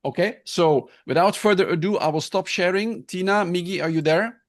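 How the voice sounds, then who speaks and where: A man's voice: high-pitched, moderate pace. A man hosting a video-call webinar, explaining a new assessment tool in a loose, explanatory way and checking in with his listeners. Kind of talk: online presentation.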